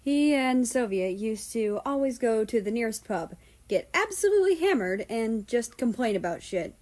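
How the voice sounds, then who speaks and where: A woman's voice: a little high, normal speed, warm tone. A woman narrating fanfiction aloud in a casual reading style with the odd swear. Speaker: fanfiction reader. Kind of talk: storybook narration.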